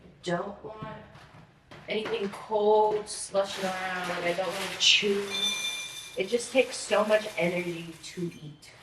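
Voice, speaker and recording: A woman's voice: mid-range voice, fairly even intonation, measured pace. A young woman in her twenties rambling in a casual vlog at home, scattered and frantic, swearing and filling with "like". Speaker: vlogger. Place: apartment. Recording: echoey room with faint noise.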